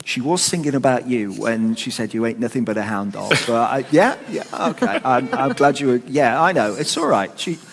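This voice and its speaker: A man's voice: mid-range voice, lively intonation, normal speed, hardly any pauses. A man hosting a live festival event, chatty and teasing with lots of fillers. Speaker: festival host. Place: festival hall. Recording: reverberant hall, faint noise.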